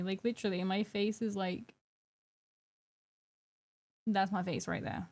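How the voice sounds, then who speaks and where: A young British woman chats casually on a live stream as she paints miniatures, giggling and teasing herself. She speaks a little slowly in a steady, mid-range voice with a darkish tone.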